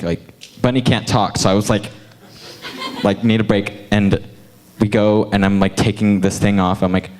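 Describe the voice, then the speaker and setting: A young man telling a funny, self-mocking story to a youth group. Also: lowish voice. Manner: chatty, self-mocking, laughs.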